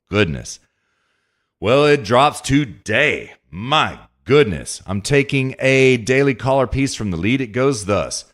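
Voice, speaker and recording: A man's voice: mid-range voice, fairly bright tone. A man hosting a podcast, reading news aloud and commenting emphatically in a political monologue, speaking straight to his listener. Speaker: podcast host.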